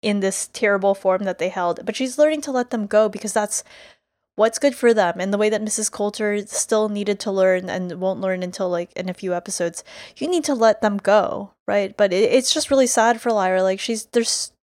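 Woman podcast co-host, mid pitch, chatty and hedging, dry close mic. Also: normal speed, darkish tone, dry recording. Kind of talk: casual recap chat.

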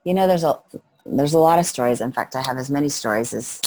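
A woman's voice: extremely low pitch, fast, a little hiss or hum. A middle-aged woman, a missionary guest in an interview, telling stories with animation and acting out the people she quotes. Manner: animated storyteller, acts out quoted voices. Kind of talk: storytelling interview.

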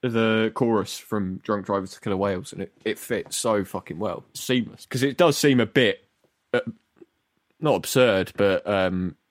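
A man hosts a casual music podcast in a lowish voice. He is animated and sweary and tells stories with energy. The sound is dry and close. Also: normal speed, no echo. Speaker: podcast host. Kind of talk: casual chat.

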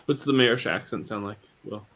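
A man's voice: lowish voice, a little fast, a bit bright. A man playing a tabletop game, chatting casually and eagerly, with a joking manner. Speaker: player.

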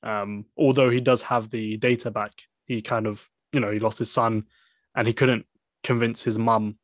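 A man's voice: lowish voice, flat delivery, moderate pace, no room sound, studio quality. A man casually discussing a film with a friend, rambling with many fillers and restarts.

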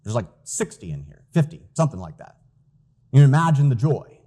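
A man's voice: mid-range voice, very animated, brisk, warm tone, husky. A man preaching a sermon as pastor, earnest and emphatic, reading out scripture quotes.

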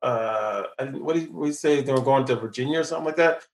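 A man's voice: medium pitch, fast. A man hosting a casual podcast about a film, rambling with restarts and laughing often. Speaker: podcast host. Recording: roomy echo.

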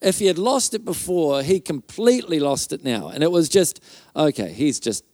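A man's voice: on the high side, very animated, moderate pace, a little mellow, dry recording, clean studio sound. A male pastor telling a healing story in a conference sermon, loose and chatty, with fillers and restarts and little mouth sound effects.

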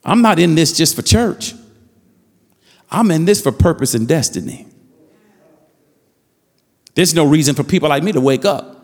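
A man's voice: on the high side, animated, moderate pace, long pauses, a little mellow, big-room sound. A man preaching a fervent sermon as pastor, repeating phrases and building with rising calls to the congregation.

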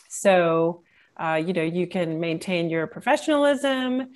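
A woman coach answering interview questions about her work in a measured, reflective way, with frequent restarts. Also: fairly low pitch, lively intonation. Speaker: career coach guest.

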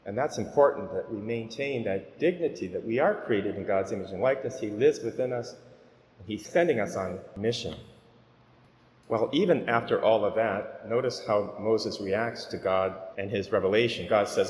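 A man preaching a homily at Mass as a priest, speaking in an earnest, gently exhorting way. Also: lowish voice, expressive, normal speed. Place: church. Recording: echoey church with long reverb.

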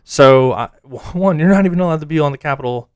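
A man's voice: a little high, fast, clean tone, no room sound, clean studio sound. A man in casual conversation, telling events as a story and acting out what people said. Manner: animated storyteller acting out quotes. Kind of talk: casual chat.

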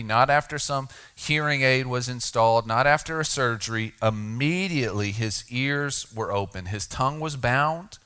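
Bright-voiced man preaching conversationally. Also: medium pitch, clear, resonant tone. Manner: conversational, drops to soft emphatic tones for key points. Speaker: pastor. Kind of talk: sermon.

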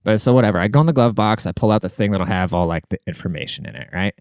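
This young Washingtonian's voice is fairly low and darkish, with lively intonation, and he races through a casual, rambling story full of swearing, pausing to check in with his listener. The studio sound is clean, with no echo.

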